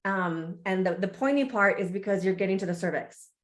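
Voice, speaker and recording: Brief: lively woman guest, mid-pitched, candid storyteller, quick to laugh. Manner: animated, laughs often, acts out reactions. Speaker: podcast guest, embodiment coach.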